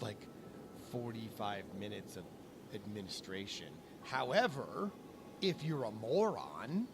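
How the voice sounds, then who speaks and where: A man ranting in a casual vlog, swearing constantly and jumping between topics with animated energy. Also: medium pitch, noisy background. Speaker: vlogger. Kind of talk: profane casual rant. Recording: clear music playing behind.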